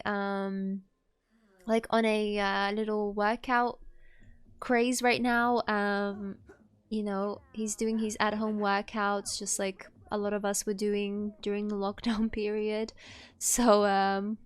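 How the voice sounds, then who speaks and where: A woman's voice: medium pitch, fairly bright tone, smooth, no room sound. A woman commenting on her life-sim gameplay in a chatty, rambling way, full of fillers and small laughs. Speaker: gaming host. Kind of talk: let's play commentary.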